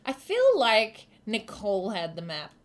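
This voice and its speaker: A woman's voice: medium pitch, very animated, measured pace. A woman narrating as game master in a casual tabletop game session.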